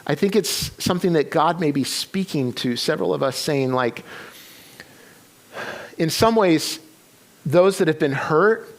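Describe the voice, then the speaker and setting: A man's voice: on the high side, animated, unhurried, pauses often. A man preaching a sermon, retelling a story with many restarts and quoted voices. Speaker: pastor. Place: church sanctuary.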